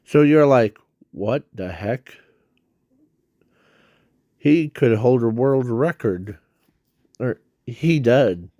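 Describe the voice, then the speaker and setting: Slow, halting man with a dark voice. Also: medium pitch, no room sound, studio quality. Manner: halting, many fillers and restarts. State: breathing hard. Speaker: fan video creator. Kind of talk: casual rambling explanation.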